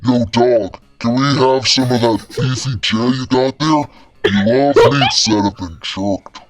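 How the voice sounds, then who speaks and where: A man's voice: medium pitch, measured pace, over music. A man voicing a dopey wolf pack through a voice changer. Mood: wheedling. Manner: laid-back, goofy slang.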